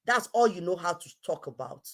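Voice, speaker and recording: A woman's voice: on the low side, animated, brisk. A woman hosting an online show, scolding someone in a heated, repetitive rant. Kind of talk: heated live-stream rant.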